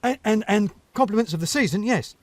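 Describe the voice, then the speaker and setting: Guy doing a high nervous little hedgehog, stammery, bouncy. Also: very animated, a little fast, dry recording. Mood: flustered. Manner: stammering, flustered. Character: small fretful hedgehog, timid and polite.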